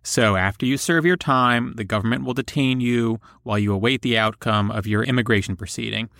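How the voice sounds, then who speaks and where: Guy calmly walking through a court case, mid-pitched, dry close sound. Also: a little fast, creaky, no echo. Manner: explanatory, steady. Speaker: podcast co-host. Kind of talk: casual chat explaining a court case.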